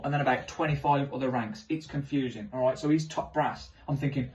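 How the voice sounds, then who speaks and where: A man doing animated, self-mocking stand-up storytelling on stage. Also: mid-range voice, a little fast, few pauses, distant mic, rough recording. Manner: animated, self-mocking, swings into loud exclamations. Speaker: stand-up comedian.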